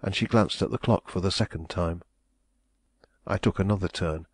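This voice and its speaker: A man narrating a novel in a measured, solemn manner. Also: deep voice, fairly even intonation, no room sound. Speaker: audiobook narrator. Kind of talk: scripted audiobook narration.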